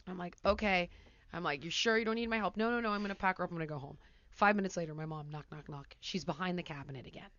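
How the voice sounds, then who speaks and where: A woman hosting a podcast, telling a story in casual chat, animated and acting out quotes loudly. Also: lowish voice, quick pace, no echo, muffled recording. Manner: animated, breaks into laughter, acts out quotes loudly. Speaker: podcast host.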